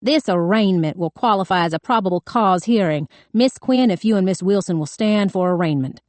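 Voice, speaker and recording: A woman's voice: medium pitch, expressive, fairly quick, darkish tone, dry recording, lightly acted. A woman voicing a stern, domineering middle-aged male judge who speaks curtly in an audiobook. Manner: curt, commanding.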